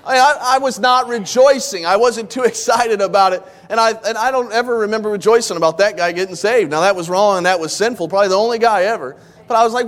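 A man's voice: high-pitched, fast talker, fairly bright tone. A man in his thirties preaching a sermon in church, telling the story with animation and acting out the voices of the people he quotes. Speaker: pastor.

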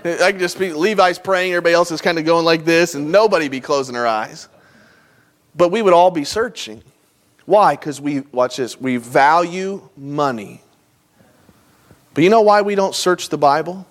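Preaching from a church sanctuary, a pastor talks in a conversational manner and pauses for emphasis. His voice is male and sits on the high side.

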